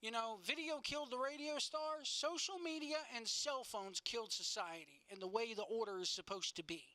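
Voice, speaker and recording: A woman's voice: fairly high pitch, a little fast, pushed and bright, no echo. A woman co-hosting a casual chat show, telling stories animatedly and swearing freely. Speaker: podcast co-host.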